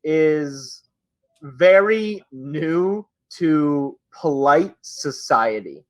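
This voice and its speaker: A man's voice: a little high, lively intonation, drawn-out words, no echo, low-quality recording. A man running a tabletop game as dungeon master, narrating casually with many fillers. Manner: casual, full of "like" and "um".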